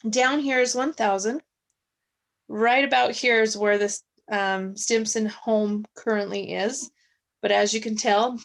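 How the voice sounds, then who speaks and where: Speaking from home over a video call, a woman city staffer presents a subdivision plan to a council. She's chatty and apologetic, uses lots of fillers, and is losing her voice. Her pitch is fairly high and gravelly, and the recording is rough.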